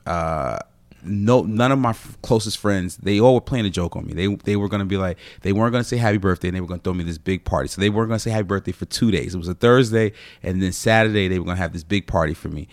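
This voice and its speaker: Man, very low voice, dry sound, rambling storyteller, casual podcast chat. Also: fast talker, no echo. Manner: rambling storytelling with many fillers. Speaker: comedian guest.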